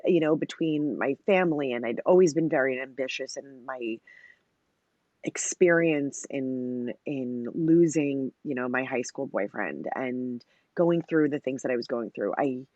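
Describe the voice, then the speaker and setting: A woman in her thirties who founded a company recounts her story in a relaxed interview, her voice rumbling low and dark with no room sound. She rambles on, peppering her speech with "you know" and "like," and performs the lines she quotes.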